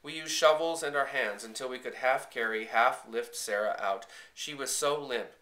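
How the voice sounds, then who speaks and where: A man reading a first-person children's story aloud, in a quiet, measured and earnest way. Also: medium pitch, echoey room. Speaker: audiobook reader.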